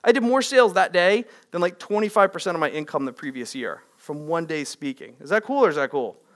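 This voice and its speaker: High-voiced energetic male workshop speaker. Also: a little fast. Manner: energetic, asks the audience questions. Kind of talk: live workshop presentation. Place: room with a live audience.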